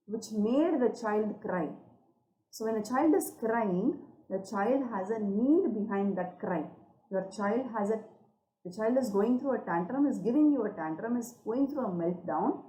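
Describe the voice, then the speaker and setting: A woman's voice: medium pitch, dark tone, roomy sound, low-quality recording. A woman talking earnestly as a parenting coach, repeating herself and listing many words in a row. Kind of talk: teaching monologue.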